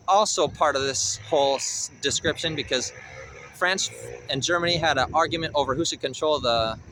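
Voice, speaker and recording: A man giving a language lesson outdoors, explaining a symbol and then slowly sounding out each word of a phrase. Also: fairly high pitch, bright, forceful tone, a little hiss or hum, low-quality recording. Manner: slow, careful sounding-out of words. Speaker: language teacher. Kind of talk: pronunciation lesson.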